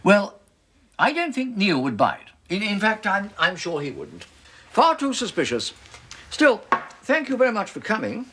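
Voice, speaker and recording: A chuckling, wary Labour politician. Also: male voice, high-pitched, huge pitch swings, normal speed, sharp tone, breathy edge, full character voice. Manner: chuckling, hesitant, with fillers. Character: wary, jovial Labour politician, male, easily flattered. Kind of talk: sitcom acting.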